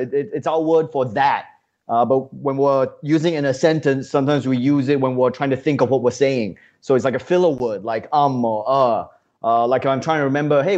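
A man's voice: medium pitch, a little mellow, muffled recording. A man playing a comedy news correspondent, ranting indignantly and filling his speech with lots of uh's. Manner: indignant, ranting, heavy with uh fillers. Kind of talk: scripted comedic banter.

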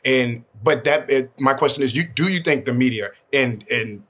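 A man hosting a casual panel discussion, asking a question in a halting way and rephrasing as he goes. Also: mid-range voice, fairly bright tone.

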